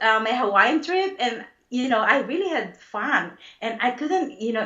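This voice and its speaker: A woman guest who works as a spiritual healer, speaking in a gentle, reflective way with a slightly high voice. The sound is dull and lo-fi and echoes around the room. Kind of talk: casual interview answers.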